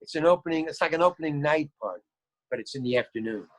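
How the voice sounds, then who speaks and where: Male guest spinning an anecdote, lively and acting out each voice, a touch high-pitched. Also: quick pace. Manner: animated, acts out quoted lines, repeats words. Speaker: guest actor. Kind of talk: storytelling anecdote.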